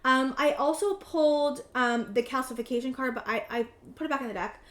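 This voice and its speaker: A woman in her thirties giving a casual tarot reading to camera, earnest and halting, often repeating words. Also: high voice, a bit bright. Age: 30s. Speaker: tarot reader. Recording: roomy echo.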